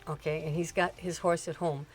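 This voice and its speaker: A woman's voice: deep voice, little pitch movement, a little fast, faint music behind. An older woman, a mother, telling family stories in a chatty, rambling way with frequent laughs and asides. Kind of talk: casual storytelling chat.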